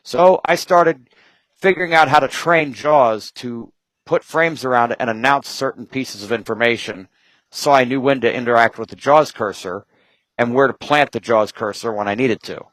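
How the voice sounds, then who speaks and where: A man talking as a guest in casual chat, rambling from point to point with quick asides and jokes. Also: medium pitch, a bit bright, dry recording, low-quality recording.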